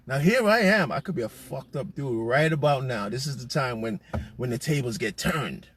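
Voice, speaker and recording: Guy in his car rambling thru a story, laughs a lot, swears, mid-pitched voice, bit of hiss behind. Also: fairly bright tone. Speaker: host.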